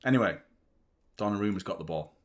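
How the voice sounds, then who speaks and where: A man's voice: low-pitched, fast. Guy in his 30s rambling over a footy match, swears loads, voice jumps all over. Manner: excitable, rambling, swears freely. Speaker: football watchalong host. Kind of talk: live match commentary and chat.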